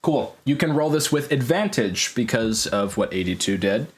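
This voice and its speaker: A man's voice: mid-range voice, lively intonation. Playful man running a tabletop game. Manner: quick, playful, laughing narration. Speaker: game master.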